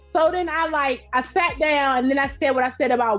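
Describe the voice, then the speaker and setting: A middle-aged woman talks as a podcast guest in a loud, direct, animated way, spinning stories with easy laughter. Her voice sits high. The recording sounds a bit dull and lo-fi. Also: fast, few pauses, faint music behind. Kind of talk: casual interview chat.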